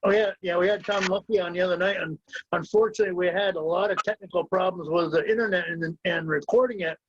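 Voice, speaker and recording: A man's voice: high-pitched, fairly even intonation, quick pace, husky. A man co-hosting a sports talk show, speaking hesitantly with fillers. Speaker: co-host. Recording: dry dull lo-fi audio.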